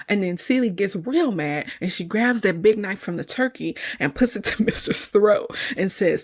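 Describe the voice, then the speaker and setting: A woman's voice: mid-range voice, animated, a little fast. A woman hosting a podcast, casually recapping a film scene, chatty and often laughing, calling listeners y'all. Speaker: podcast host.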